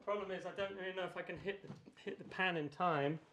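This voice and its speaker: A man's voice: sits high, fast talker, background noise. A man hosting a music livestream, chatting casually and poking fun at himself between numbers. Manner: relaxed, chatty, self-deprecating asides. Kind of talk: casual chat between songs. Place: home room at a piano. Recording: music clearly heard behind. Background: music playing.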